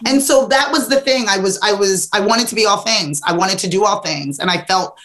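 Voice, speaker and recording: A woman's voice: medium pitch, brisk. Middle-aged woman on a podcast, chatty and emphatic, medium voice, acts out what she said back then. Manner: animated, emphatic storytelling with acted-out quotes. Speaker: podcast guest, entrepreneur. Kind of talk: casual interview storytelling.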